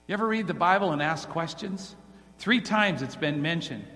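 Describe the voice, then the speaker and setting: A man's voice: on the high side, animated, normal speed, sharp tone. A man preaching a sermon to a congregation and putting direct questions to his listeners. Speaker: pastor. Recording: long hall reverb.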